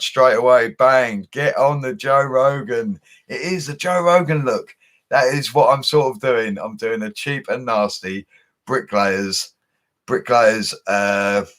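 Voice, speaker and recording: A young man's fairly bright, low-leaning voice comes from what he calls a studio, really a home setup. He's a bricklayer hosting a casual livestream, going through viewer comments in an easygoing, slangy manner.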